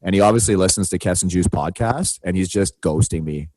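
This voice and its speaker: Fairly quick and low-sitting, this male co-host's voice comes through a dry recording as he tells a story on a podcast in casual chat, bringing energy and acting out quotes loudly.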